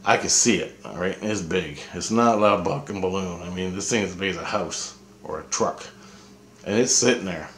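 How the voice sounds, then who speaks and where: A man's voice: deep voice, moderate pace, fairly bright tone, echoey room, a little hiss or hum. A man from Canada telling a personal story in a rambling, profane way, often repeating himself. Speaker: vlogger telling experiences. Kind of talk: casual storytelling.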